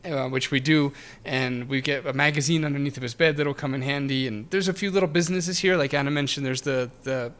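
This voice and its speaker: A man's voice: medium pitch, a little fast, few pauses, fairly bright tone. A man co-hosting a retro game podcast, chatting casually with frequent laughs and restarts. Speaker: podcast co-host. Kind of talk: casual chat reviewing a game.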